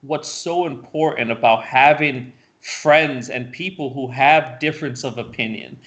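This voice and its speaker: A man co-hosting a casual political talk show, animated and ranting, who repeats words and restarts often. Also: mid-range voice, measured pace, lo-fi sound. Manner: laughs often, swears casually. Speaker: co-host.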